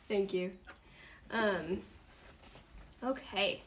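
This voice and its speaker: A woman in her twenties hosts a dinner livestream from home, chatting casually, talkative and giggly with frequent laughs. Her voice is mid-range and extremely slow, with heavy background noise.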